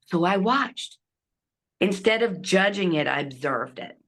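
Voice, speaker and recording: A middle-aged woman, a guest telling a personal story with lively delivery and hushed asides. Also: on the low side, unhurried. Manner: animated, acts out quotes, drops to hushed asides.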